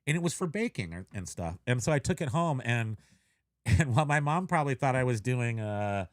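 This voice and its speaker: A man's voice: medium pitch, lively intonation, brisk, no echo. Rambling middle-aged man, dry close sound. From Menlo Park, California. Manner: rambling, self-mocking storyteller. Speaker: co-host of a reselling live show. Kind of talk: casual live-stream chat.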